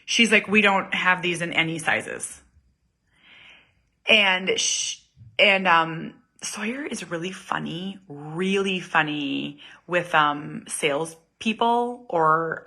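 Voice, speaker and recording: Woman, 30s, casual vlog host; bright tone, rambling and self-mocking. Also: fairly low pitch. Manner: chatty, self-deprecating, laughs often. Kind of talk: casual chat to viewers.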